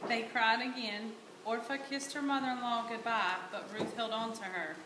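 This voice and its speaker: In an echoey church with some hiss on the recording, a volunteer reader narrates scripture aloud. She has a Southern American accent, a voice on the high side, and a moderate pace, telling the Bible story plainly and steadily.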